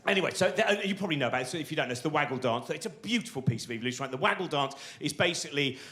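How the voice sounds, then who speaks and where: High-voiced rambling comic. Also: male voice, expressive, racing, fairly bright tone. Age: 40s. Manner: rambling, digressive, tag questions. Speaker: stand-up comedian. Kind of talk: live stand-up comedy. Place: theatre stage before a live audience.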